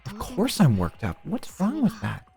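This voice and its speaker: A man's voice: sits high, wildly swooping pitch, moderate pace, creaky, a little mellow, faint music behind, pitched above the performer's own voice, heavily acted. A man reading a prickly young avenger woman. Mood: bitter. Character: bitter young woman bent on revenge, prickly.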